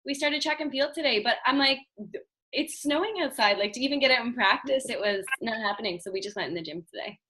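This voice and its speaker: A woman chatting casually on a group video call, friendly and quick to laugh. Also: on the high side, bright, forceful tone. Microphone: laptop mic on a video call.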